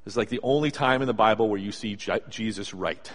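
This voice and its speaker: A man preaching a sermon in a conversational, animated storytelling way, acting out asides as he goes. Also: lowish voice, brisk. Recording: long hall reverb.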